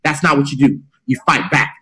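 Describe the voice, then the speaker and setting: A man's voice: medium pitch, expressive, fairly quick, pushed and bright, rough recording. A middle-aged man leading a motivational call, preachy and rallying, repeating his key phrases. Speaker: mentorship call leader.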